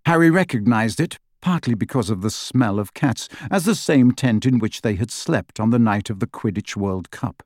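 A man narrates an audiobook from a script, his mid-range voice keeping a measured, even storytelling pace. The audio is studio quality with no echo.

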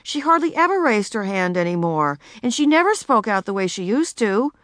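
A woman narrating a children's storybook with expressive delivery. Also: mid-range voice, normal speed, no room sound, studio quality. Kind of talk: audiobook narration.

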